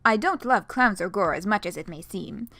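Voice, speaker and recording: A woman's voice: mid-range voice, animated, fast, a bit bright, natural voice. A woman voicing a cynical, brash female troll artist in a game, with a faint put-on French accent and a blunt, crude manner. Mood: smug.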